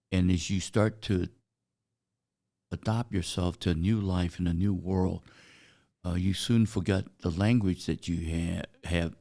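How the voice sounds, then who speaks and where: An older man, a native Chinese speaker who grew up in China, telling stories as a guest in a casual interview. He talks in a halting way, with many "uh" fillers. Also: deep voice, vocal fry, dark tone. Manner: halting, anecdotal, frequent "uh" fillers.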